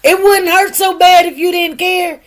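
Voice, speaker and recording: Her voice is extremely high-pitched yet steady in tone, at a moderate pace. The middle-aged woman hosts a casual livestream, chatting emphatically and directly to her listeners with lots of asides.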